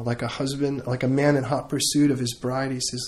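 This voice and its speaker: A middle-aged man preaching a sermon and leading a closing prayer, in an earnest, conversational way with frequent pauses and restarts. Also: medium pitch, flat delivery, a little mellow. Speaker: pastor.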